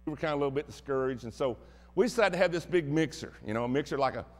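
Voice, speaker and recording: Man, Southern American accent, pastor, folksy sermon storytelling, high voice, long church reverb. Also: animated, very fast. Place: church sanctuary.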